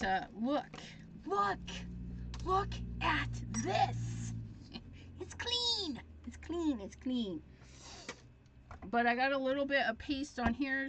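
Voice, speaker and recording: A woman talks viewers through a crafting project in a casual, thinking-aloud way, getting excited as she goes. Her voice sits on the higher side and her pace is leisurely. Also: slight background noise. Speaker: craft demonstrator. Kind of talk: live crafting tutorial chat.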